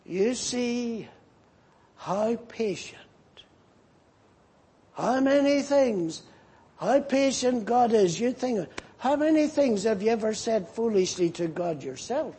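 A man's voice: very high-pitched, lively intonation, slow, long pauses, warm tone, slightly rough. A man preaching a sermon and animatedly voicing the scripture figures as he retells the story.

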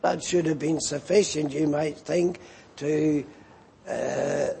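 An older man preaching a sermon, slow and deliberate, stressing quoted lines. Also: on the high side, steady tone, gravelly, mellow, breathy edge.

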